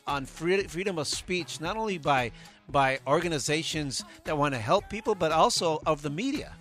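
Bright upbeat male co-host. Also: fairly high pitch, expressive, normal speed, faint music behind. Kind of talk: casual radio show chat.

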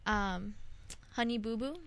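A woman's voice: mid-range voice, unhurried, vocal fry, fairly bright tone. A woman asking playful questions as interviewer in a casual chat.

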